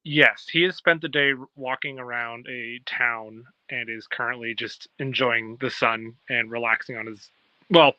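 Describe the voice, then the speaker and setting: Over dull, lo-fi video call audio, a guest from Ontario with a Canadian accent chats in a friendly way. He speaks unhurriedly in a medium-pitched, steady, sharp-toned voice, and the recording is dry.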